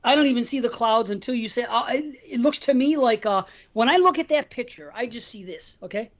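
A man's voice: very high voice, a little fast, highs cut off. A man co-hosting a podcast, rambling in casual, heavily profane chat. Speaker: podcast co-host.

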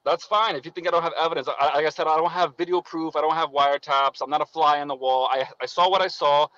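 A man's voice: fairly high pitch, steady tone, quick pace, fairly bright tone. A man calling in to a show from his parked car, defensive and repeating himself as he argues his case. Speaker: caller. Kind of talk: call-in argument. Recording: dull lo-fi call audio.

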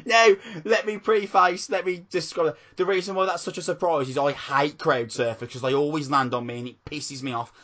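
A man co-hosting a podcast, chatting excitedly and swearing constantly. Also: fairly high pitch, fairly quick, hardly any pauses. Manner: excitable, swears a lot, calls people mate. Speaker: podcast co-host. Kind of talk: casual chat.

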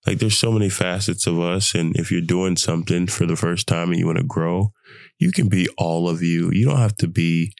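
A young man hosting a podcast, sick with the flu, talking in an animated, preachy way and laughing often. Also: sits low, moderate pace, creaky, no echo. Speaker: podcast host. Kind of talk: casual motivational monologue.

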